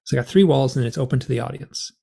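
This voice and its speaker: A man's voice: medium pitch, very fast, vocal fry, dark tone, husky. A man, an interview guest, telling a personal story in conversation and acting out the remembered dialogue with big swings in his voice.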